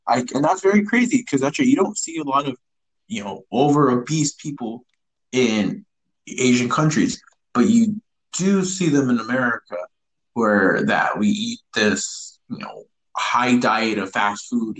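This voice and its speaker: A man's voice: medium pitch, slightly rough, poor audio. A young man co-hosting a casual podcast, rambling and hesitant, often restarting his sentences. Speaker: podcast co-host. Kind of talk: casual chat.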